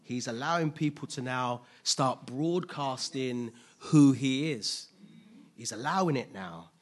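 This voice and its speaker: A man preaching a sermon, asking rhetorical questions, making playful asides and building to loud, emphatic peaks. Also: medium pitch, slow pace. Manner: casual asides with playful humor.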